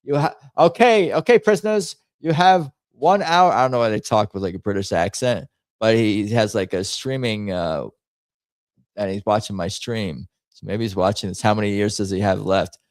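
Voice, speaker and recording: A man hosting a livestream, chatting casually and thinking out loud as he reacts to memes and viewer comments with jokey asides. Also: on the low side, fairly even intonation, normal speed, dry recording. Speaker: livestream host.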